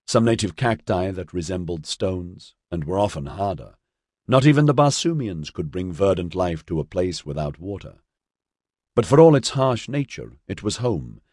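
A man narrating a novel as an audiobook in a measured, scripted reading. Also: sits low, no room sound, studio quality.

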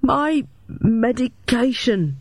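A woman's voice: fairly high pitch, sing-song, extremely slow, a little mellow, breathy edge, dry recording, voice pushed up, heavily acted. A woman voicing a frightened, desperate young man who stammers and pleads.

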